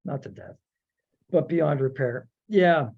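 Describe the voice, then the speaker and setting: Brief: male podcast host, casual rambling chat, lively delivery, muffled low-fidelity recording. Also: slow pace, vocal fry. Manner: rambling, animated, acts out quotes. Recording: dull lo-fi audio.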